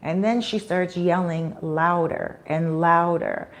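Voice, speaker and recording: A woman's voice: lowish voice, takes it slowly. A woman vlogger chatting casually on a live stream, telling a story with animation and acting out the people in it. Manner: animated storyteller who acts out quoted people.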